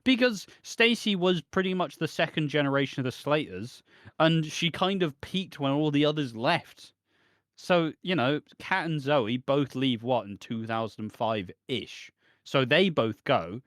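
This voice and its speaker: A man's voice: on the high side, lively intonation, a little slow, a bit bright, dry recording. British male podcast host, casual and sweary, dry close mic. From United Kingdom. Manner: swearing, laughing recap of soap episodes.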